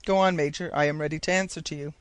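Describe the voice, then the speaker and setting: A man's voice: on the high side, fairly even intonation, rapid-fire, clear, resonant tone, dry recording, natural voice. A man voicing an eager, talkative male geographer who explains his ideas insistently. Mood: explaining.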